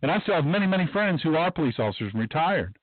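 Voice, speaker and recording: A fast-talking, highly animated man with a higher-pitched voice hosts a talk radio monologue as a podcast host, emphatic and rambling, repeating himself along the way. The recording is dry and tinny, almost like a phone line.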